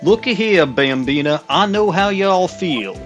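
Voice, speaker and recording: A man's voice: sits high, animated, soft background music. A man voicing a swaggering cowboy detective in a shaky attempted Southern accent, reading game dialogue aloud. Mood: drawling swagger. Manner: slow drawl, bragging frontier talk.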